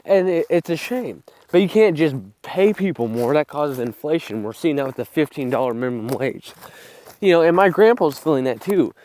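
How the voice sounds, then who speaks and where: Young guy, somewhat high voice, breathless, blunt and profane, casual outdoor phone vlog. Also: lively intonation, moderate pace, a little mellow. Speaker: vlogger. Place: outdoors on farm fields. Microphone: phone camera.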